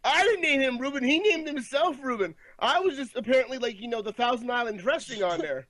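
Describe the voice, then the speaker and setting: A man's voice: very high-pitched, lively intonation, brisk, fairly bright tone. A man co-hosting a casual podcast, cracking crude, self-mocking jokes. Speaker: podcast co-host.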